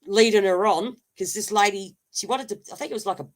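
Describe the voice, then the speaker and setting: A woman's voice: medium pitch, brisk. A woman with an Australian accent hosting a casual live chat, telling a long story with many fillers and restarts. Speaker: host.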